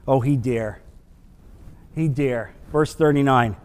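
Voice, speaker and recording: A man's voice: high voice, animated, measured pace, in a large hall. A man teaching a Bible class, reading scripture in an emphatic, dramatic way.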